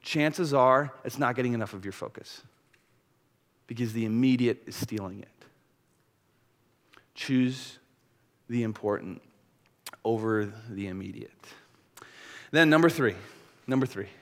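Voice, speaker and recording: A man's voice: medium pitch, unhurried, pauses often. Candid man preaching in an echoing church. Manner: candid, animated storytelling with confessional asides. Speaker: pastor. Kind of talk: sermon. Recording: long reverb of a large church hall.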